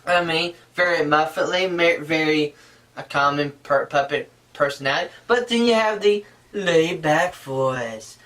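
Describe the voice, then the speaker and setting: A man's voice: a little high, measured pace, fairly bright tone, recorded from a distance. A man giving a casual how-to tutorial, talking in an earnest, rambling way and often restarting his sentences. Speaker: puppetry instructor.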